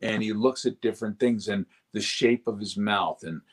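A man's voice: on the low side, moderate pace. A male voice actor talking animatedly in an interview, slipping into character voices as he goes. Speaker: voice actor, guest. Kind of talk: casual interview talk.

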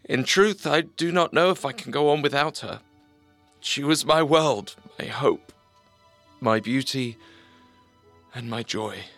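An actor playing a grieving young mortal poet, earnest and despairing. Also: male voice, medium pitch, slow pace, long pauses, fairly bright tone, no room sound, faint music behind. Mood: grief-stricken. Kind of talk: storybook audio drama.

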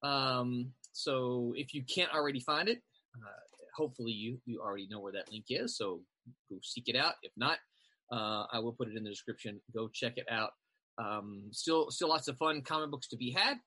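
A man hosts a casual online group chat over a video call, speaking through a computer mic in a relaxed, rambling way packed with fillers. His mid-range voice moves at a moderate pace with no echo.

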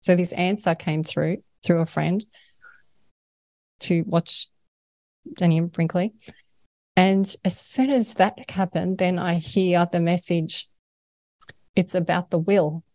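An Australian woman speaks in a meandering, earnest way, laughing now and then as she talks. Her voice sits a little low. The sound is dry, with no room echo. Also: steady tone, takes it slowly, long pauses, a little mellow. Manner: earnest, rambling, laughs often. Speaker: paranormal experiencer, guest. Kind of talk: conversational interview.

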